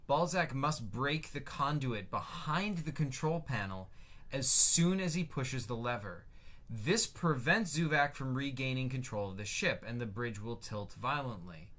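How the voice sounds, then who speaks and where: Rambling bright-voiced man streaming. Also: mid-range voice, animated, unhurried. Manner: rambling, lots of fillers, reads chat aloud. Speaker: streamer showing his game. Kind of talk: casual livestream commentary.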